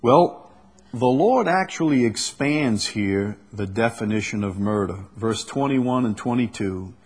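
A man preaching an expository sermon, reading scripture slowly and deliberately, then booming for emphasis and dropping low. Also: lively intonation, darkish tone, slightly rough. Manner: reads verses slowly and deliberately. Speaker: pastor.

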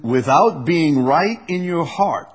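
A man preaching an expository sermon, reading scripture slowly and deliberately, then booming for emphasis and dropping low. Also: animated. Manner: reads verses slowly and deliberately. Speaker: pastor.

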